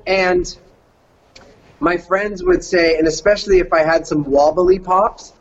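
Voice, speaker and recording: A man's voice: high-pitched, fairly even intonation, slow, lo-fi sound, slight background noise. A middle-aged man from Canada, a voice actor casually telling a story and slipping into surfer-dude voices.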